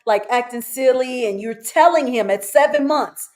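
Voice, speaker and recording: A woman hosting a casual spiritual conversation, earnest and affirming, speeding up when she gets excited. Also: sits high, normal speed. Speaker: host.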